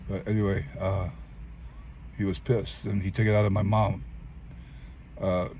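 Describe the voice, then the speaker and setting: A man's voice: flat delivery, a little slow, warm tone. Older man telling his life story emphatically. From California. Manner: emphatic storyteller who acts out quoted voices, often jumping high. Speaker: interviewee. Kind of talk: personal testimony in a street interview. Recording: dull lo-fi sound with faint traffic.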